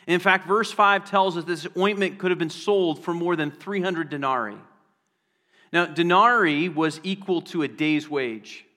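In a hall with a long echo, a male pastor's high, bright voice rings out as he preaches with earnest conviction. To hammer a point home, he slows his delivery and says the key phrases again.

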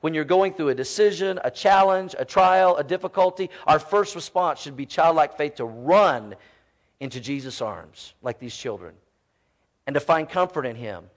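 A man in his forties, a pastor preaching a sermon in a church, animated and often quoting children's voices. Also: a little high, moderate pace.

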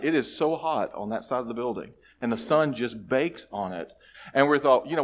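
A middle-aged male pastor telling a story in a church sermon, shifting between hushed asides and loud, emphatic lines. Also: mid-range voice, a little hiss or hum. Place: church sanctuary.

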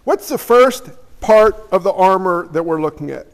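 This sermon comes from a pastor with a high voice speaking at an ordinary pace in an easy, conversational style, complete with humorous asides and mini role-played exchanges. A long church-hall echo follows him.

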